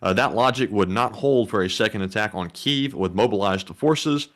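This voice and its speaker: A man co-hosting a livestream, reading viewer donation messages aloud in a steady, matter-of-fact way. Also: fairly low pitch, moderate pace.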